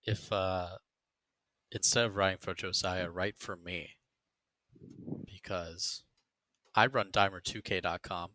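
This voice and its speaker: A man's voice: low-pitched, steady tone, slow, long pauses, bright, forceful tone, dry recording. A young man hosting a casual podcast, easygoing and self-deprecating. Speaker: podcast host.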